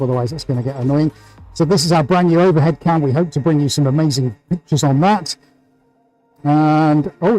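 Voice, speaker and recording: A British man with a fairly high but warm, mellow voice hosts a live painting stream. He chats to his viewers in an upbeat, excitable way, piling on superlatives, with faint music underneath. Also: low-quality recording. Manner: upbeat, enthusiastic, full of superlatives. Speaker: artist hosting a painting livestream. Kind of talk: livestream commentary.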